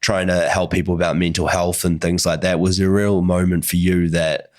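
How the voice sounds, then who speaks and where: A man's voice: low voice, level tone, brisk, a little mellow. A man hosting a podcast, asking long, hesitant and rambling questions in casual conversation. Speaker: podcast host.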